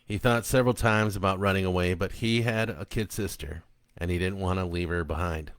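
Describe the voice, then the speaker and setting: Relaxed, low-voiced man reading his book. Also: a little fast, smooth, dry recording. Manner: relaxed and chatty, with many ums and uhs. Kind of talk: casual intro and story reading.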